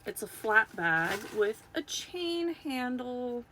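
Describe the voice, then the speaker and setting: A woman chatting casually to viewers while unboxing toys, gushing and excitable, recorded on a phone. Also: a little high, slow, a little hiss or hum.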